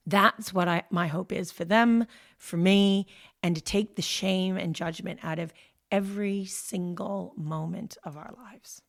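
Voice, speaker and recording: A woman's voice: fairly low pitch, steady tone, measured pace, creaky. A woman guest on a podcast talking candidly and animatedly, acting out her own inner thoughts in quoted asides. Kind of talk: candid conversational storytelling.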